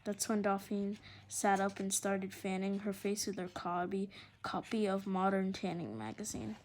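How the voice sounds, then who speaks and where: A woman reads a children's adventure novel aloud with expressive, lively delivery. Her voice sits at a typical pitch for a woman. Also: moderate pace, a little hiss or hum. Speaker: storyteller.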